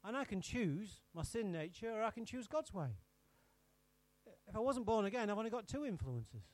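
A man's voice: high-pitched, sing-song, normal speed, darkish tone, no echo. A man preaching an interactive sermon, teasing his congregation by name and firing questions at them.

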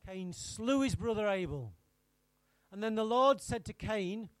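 A man's voice: high voice, animated, measured pace, no echo. A man preaching an interactive sermon, teasing his congregation by name and firing questions at them.

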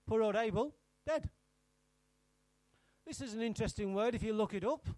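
A man's voice: sits high, moderate pace, a little mellow, no echo. A man preaching an interactive sermon, teasing his congregation by name and firing questions at them.

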